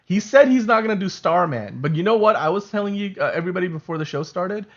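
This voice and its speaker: A man's voice: high voice, quick pace. Chatty man with a dull lo-fi sound. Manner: rambling, animated, many fillers and restarts. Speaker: show host. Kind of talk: casual fan podcast chat.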